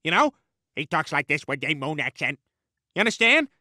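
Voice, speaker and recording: A man voicing an eager, excitable male would-be TV writer in an animated comedy, pitching hard. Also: brisk, no room sound, studio quality, exaggerated voice. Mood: exasperated.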